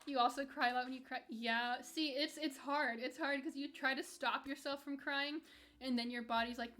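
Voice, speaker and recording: High-voiced young woman chatting candidly. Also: steady tone, normal speed, bright, forceful tone. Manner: rambling and candid, with frequent restarts and light laughs. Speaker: streamer. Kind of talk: casual chat reading live chat while gaming.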